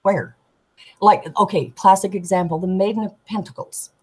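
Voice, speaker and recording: A woman, a tarot deck artist, chatting as a guest and telling animated stories, acting out the people she quotes. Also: mid-range voice, normal speed, slightly rough, low-quality recording. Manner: animated storyteller, giggly, acts out quoted voices. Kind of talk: casual storytelling chat.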